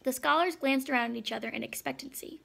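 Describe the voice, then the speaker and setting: A woman reading a children's storybook aloud, with a high voice and a strongly gravelly, creaky texture. Her reading is measured and lightly expressive. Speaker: audiobook narrator. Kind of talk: storybook narration.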